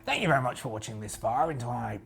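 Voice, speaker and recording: A man's voice: mid-range voice, very animated, quick pace, vocal fry, fairly bright tone, husky, soft background music. A man playing a solo tabletop game as a pirate, talking to the camera in a put-on pirate accent with playful, rambling jokes and asides.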